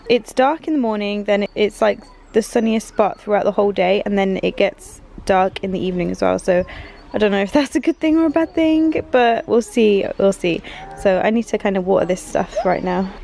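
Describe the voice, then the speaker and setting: A young woman, a vlogger and mother, chats casually to the camera at home and in the garden, upbeat and laughing often. Her voice sits at medium pitch with a slightly dark tone. The audio is poor, with a faint hiss or hum.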